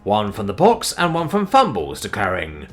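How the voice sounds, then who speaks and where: A man narrating a sci-fi war story in an animated, expressive way, with sudden swings in pitch and loudness. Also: normal speed, faint music behind.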